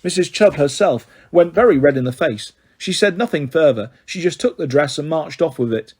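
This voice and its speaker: A man reading a children's novel aloud in steady storybook narration. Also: on the high side, normal speed, husky.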